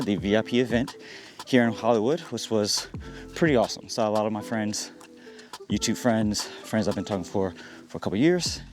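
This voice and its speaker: A man with a fairly low voice hosts a casual vlog while walking outdoors on a hillside. He is a little out of breath and keeps a relaxed, chatty tone with frequent laughs. Faint music plays behind him. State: slightly out of breath. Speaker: camera channel host. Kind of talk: casual walk-and-talk vlog.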